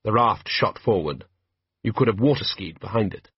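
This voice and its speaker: A man's voice: lowish voice, lively intonation, moderate pace, slightly rough, no echo, muffled recording. A man reading an audiobook aloud with dry, wry storytelling. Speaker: audiobook narrator. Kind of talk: audiobook narration.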